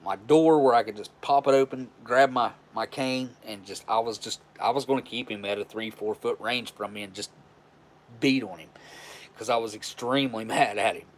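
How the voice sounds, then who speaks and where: A man hosting a casual live stream, recounting a story with blunt, profane frankness. His pitch sits mid-range, and he rambles, restarting sentences as he goes. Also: moderate pace. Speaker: livestream host.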